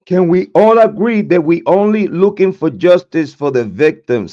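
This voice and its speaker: A man hosting a true crime livestream rants profanely and confrontationally, repeating words and stammering through restarts. His voice sits high with lively intonation, a dark tone, a moderate pace and few pauses. The recording sounds dull and lo-fi.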